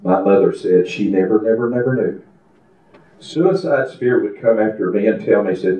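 An older man preaching a fervent testimony sermon in a church, building to shouting. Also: lowish voice, normal speed. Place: church sanctuary. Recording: echoey, distant, dull church recording.

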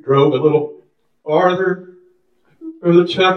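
A man's voice: lowish voice, unhurried, reverberant, dull audio, a little hiss or hum. A man preaching a testimony sermon in a fervent, sing-song style, calling out hallelujahs, recorded from a distance in a church. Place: church sanctuary.

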